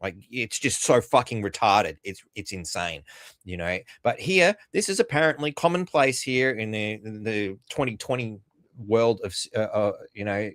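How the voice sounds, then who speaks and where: A man's voice: on the low side, moderate pace, fairly bright tone, no room sound, studio quality. A man hosting a podcast, rambling and sarcastic with frequent swearing and fillers. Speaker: podcast host. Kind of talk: casual commentary.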